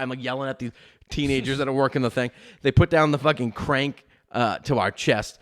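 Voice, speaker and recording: A man's voice: mid-range voice, a little fast, a bit bright. A man, telling a long, profane, rambling story in casual podcast chat. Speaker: podcast host.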